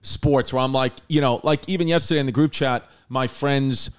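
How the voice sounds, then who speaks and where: A man in his thirties hosting a podcast, chatting loosely and excitedly with lots of fillers, and reading ads in a casual way. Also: medium pitch, normal speed, clear, resonant tone. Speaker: podcast host. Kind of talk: casual chat and host-read ad.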